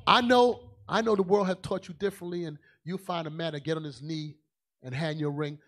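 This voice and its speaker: A man with a fairly high voice preaching a sermon. He talks in a loose, colloquial way and leans hard on his points. He drops into quiet asides, then climbs back up to shouting. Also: fairly quick.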